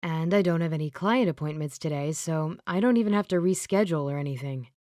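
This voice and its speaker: A calm, reassuring young man, as a woman narrator voices him. He speaks evenly in a lowish, dry, close voice. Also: quick pace, no room sound, natural voice.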